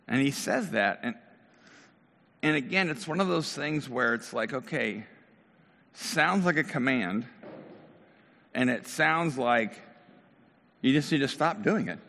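A man's voice: a little high, lively intonation, measured pace, fairly bright tone, in a large hall. A middle-aged man preaching a casual, conversational sermon, talking directly to his congregation in a church. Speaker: pastor.

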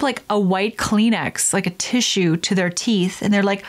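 A woman's voice: mid-range voice, normal speed, few pauses. A young adult woman hosting a casual solo podcast, talking chattily and acting out quotes in silly voices. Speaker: podcast host.

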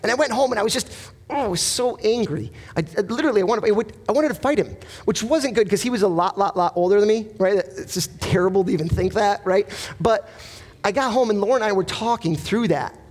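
Earnest high-voiced man preaching a sermon. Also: quick pace, a little mellow. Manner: earnest, emphatic preaching with personal stories and rhetorical questions. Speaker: pastor.

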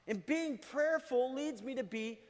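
A man's voice: very high-pitched, unhurried. A middle-aged male pastor giving a conversational sermon, chuckling and asking the congregation questions. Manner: conversational preaching with laughs and asides. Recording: long hall reverb.

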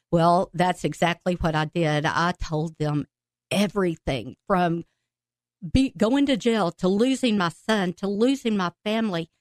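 A woman guest on a podcast telling her personal faith testimony with emotion, laughing and breaking into excited outbursts as she tells it. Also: on the low side, no room sound.

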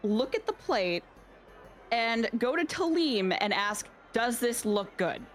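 A woman's voice: a little high, big pitch swings, takes it slowly, soft background music. A woman playing a tabletop game, talking hesitantly with many fillers. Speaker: player.

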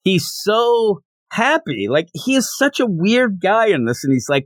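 Animated man recapping a manga. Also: high-pitched, unhurried, no echo. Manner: animated, jumps into character voices while retelling. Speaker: podcast co-host. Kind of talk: casual podcast chat recapping a manga chapter.

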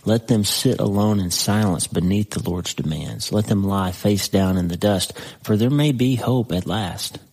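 A man preaching a sermon, reading scripture aloud slowly with dramatic pauses and breaking into conversational asides to the listener. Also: on the low side, a little mellow, slightly rough, poor audio.

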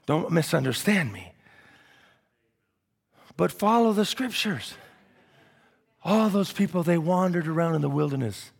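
A man preaching a sermon. He shifts between shouted declarations and low, wry asides, and he calls on the congregation for responses. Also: animated, a little slow, creaky, long pauses, breathy edge, in a large hall.

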